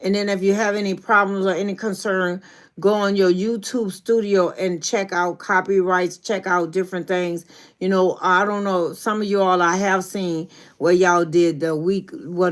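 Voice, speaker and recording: A woman's voice: fairly low pitch, moderate pace. Chatty Southern woman hosting a livestream. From New Orleans, Louisiana. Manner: chatty, greets viewers by name, drawling and animated. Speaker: YouTube coach hosting a livestream. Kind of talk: casual livestream chat.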